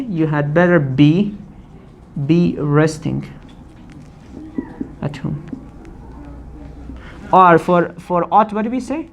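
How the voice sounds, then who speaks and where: Woman teacher going over grammar, lowish voice, keeps asking "what?" then answering, bit of hiss behind. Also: a little mellow. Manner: asks the class questions and answers them herself; repeats and spells out forms slowly. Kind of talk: classroom grammar lesson.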